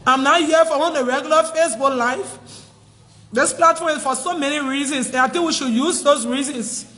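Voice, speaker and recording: A woman's voice: high-pitched, a little fast, a bit bright, in a large hall. A Liberian woman making a distressed, tearful plea on a phone livestream, insisting again and again in a pleading tone. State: crying, distressed.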